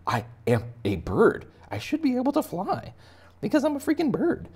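Man doing a cartoon baby chick, high and squeaky, exasperated about flying. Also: wildly swooping pitch, moderate pace, darkish tone, slightly rough, exaggerated voice. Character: frustrated cartoon baby chick who longs to fly.

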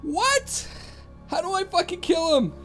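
A woman giving excited gameplay commentary, swearing often, yelping and cheering as she plays. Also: extremely high pitch, measured pace, faint music behind. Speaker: let's play gamer.

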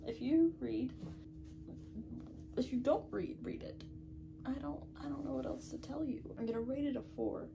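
Young woman book vlogger, slightly high voice with some vocal fry, casual and nervy, noisy home recording. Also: normal speed, pauses often. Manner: chatty, breathless, dips into whispers when anxious. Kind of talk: casual reading vlog. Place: bedroom at night.

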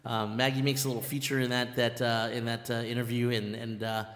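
Excitable man, echoey long-reverb room. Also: mid-range voice, brisk, over loud music. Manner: excitable, rambling, lots of fillers and restarts. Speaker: band leader and live stream host. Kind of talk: casual live stream chat.

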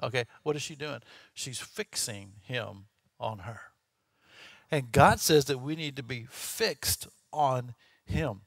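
A man's voice: medium pitch, slow pace, vocal fry, breathy edge, dry recording, studio quality. A man preaching a sermon in a folksy, conversational way, often checking in with "okay?" and "right?". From Texas. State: clearing his throat, voice catching. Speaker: pastor.

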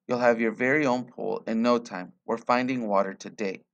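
A man reading the lines of an eager, excited mother who is a scientist. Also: medium pitch, moderate pace, dull audio, close to an everyday voice.

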